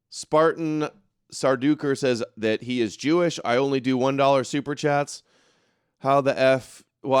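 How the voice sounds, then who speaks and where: Smooth and medium-pitched, the man's voice has a clean studio sound with no room noise. He runs a laid-back political livestream, sneering sarcastically as he reads comments from the audience and rants in outrage.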